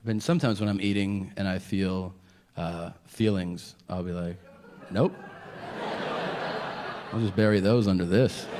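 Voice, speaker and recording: A man's voice: sits low, fairly even intonation, moderate pace, warm tone. Guy doing a self-roast stand-up bit, noisy club sound. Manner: self-deprecating, acts out quoted voices. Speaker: stand-up comedian. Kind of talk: stand-up comedy set.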